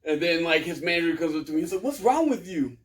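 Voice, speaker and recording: Rowdy laughing wrestler, voice. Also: male voice, very animated, fast, distant mic. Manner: loud, laughing, acts out quotes with big pitch jumps. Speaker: professional wrestler, guest. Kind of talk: casual storytelling with profanity.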